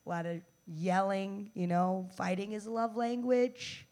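A woman in her twenties from the United States performing a stand-up set, brash and profane, with loud bursts and mock-tough asides. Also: mid-range voice, a little slow. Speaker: stand-up comedian.

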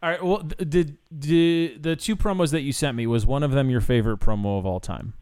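A man's voice: medium pitch, fairly quick, a little mellow, smooth, dry recording, studio quality. A man hosting a podcast in casual, wry, joking chat. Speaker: podcast host.

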